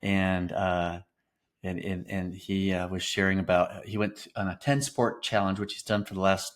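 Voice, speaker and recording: A man's voice: low voice, level tone, moderate pace. A man in his fifties co-hosting a parenting podcast in casual conversation, backing up and summing up his partner's points. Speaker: podcast co-host.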